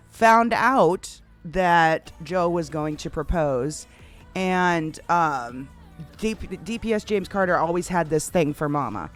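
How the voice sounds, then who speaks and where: A woman live-streaming a roleplay game, laughing often and telling the story in a rambling, filler-heavy way. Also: sits low. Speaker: streamer playing a roleplay character.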